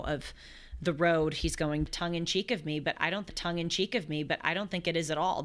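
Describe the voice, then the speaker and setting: Woman, twenties, talk show host, somewhat low voice, earnest scripture commentary, restarts phrases. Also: a bit bright. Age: 20s. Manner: earnest, thoughtful, restarts phrases mid-thought.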